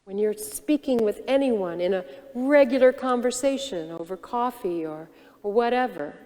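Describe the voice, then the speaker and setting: A woman minister giving a sermon, teaching gently and reflectively and posing questions to the congregation. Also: fairly high pitch, expressive, normal speed, big-room sound. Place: church sanctuary.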